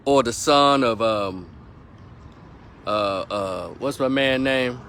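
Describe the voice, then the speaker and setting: A man's voice: medium pitch, takes it slowly, a bit bright, slight background noise. Man ranting hotly in an opinion vlog. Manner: heated, profane, emphatic, repeats points for stress. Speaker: political commentator.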